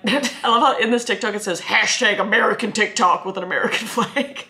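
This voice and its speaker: A woman's voice: mid-range voice, a little fast, pushed and bright. A young Canadian woman with a Canadian accent, reacting to clips in casual, jokey commentary and laughing often. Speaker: YouTube reaction host.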